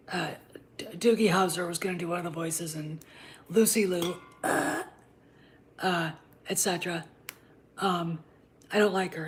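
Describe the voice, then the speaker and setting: Woman ranting on her vlog, blunt and sweary, goes off on tangents. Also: medium pitch. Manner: blunt and profane, opinionated rambling. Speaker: host of a channel on the Star Wars franchise. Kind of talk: casual commentary vlog.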